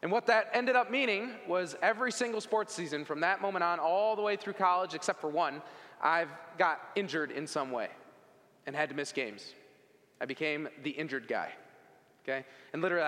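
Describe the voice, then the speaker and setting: A man with a somewhat high voice shares a personal faith testimony, earnest and conversational, tossing in casual asides to his listeners. His words ring out with a long reverb, as if spoken in a large hall. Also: bright, forceful tone. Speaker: speaker giving a faith testimony. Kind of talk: personal testimony talk to an audience.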